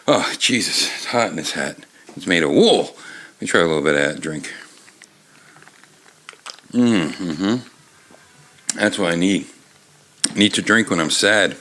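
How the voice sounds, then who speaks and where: Rambling profane older man, low voice. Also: animated, unhurried, pauses often, pushed and bright. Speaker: podcast host. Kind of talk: casual rambling book talk. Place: bar. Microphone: tabletop mic, moved off-axis.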